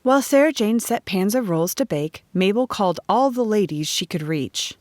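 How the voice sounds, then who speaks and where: Woman reading a storybook calmly. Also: medium pitch, moderate pace, dry recording. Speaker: audiobook narrator. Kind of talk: storybook narration.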